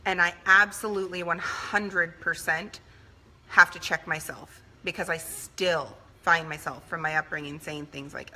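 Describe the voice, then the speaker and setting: Earnest woman with a bright voice. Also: fairly low pitch, steady tone, moderate pace, a little hiss or hum. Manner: earnest, conversational, acts out quoted voices. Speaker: speaker. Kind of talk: motivational talk.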